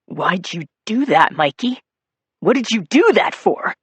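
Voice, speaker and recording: A narrator voicing a small, volatile middle-aged man who talks in a peculiar high-pitched whine. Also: big pitch swings, unhurried, no echo, exaggerated voice. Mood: angry.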